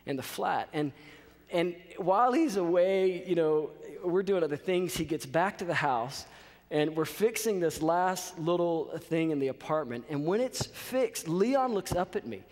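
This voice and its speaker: A man in his thirties telling a lively story as a college chapel speaker, often checking in with his audience. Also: fairly high pitch, a little slow. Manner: animated storyteller, checks in with "okay?". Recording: reverberant chapel hall.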